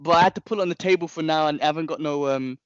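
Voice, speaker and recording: A young man, a podcast co-host telling a long story in casual chat, animated and rambling, with frequent restarts and slang. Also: on the high side, rapid-fire, smooth, no echo, dull audio.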